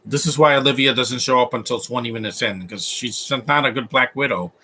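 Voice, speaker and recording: Husky opinionated man commentating. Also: medium pitch, fairly quick, bright, forceful tone. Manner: opinionated, rambling, frequent restarts. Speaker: host. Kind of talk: casual live movie commentary.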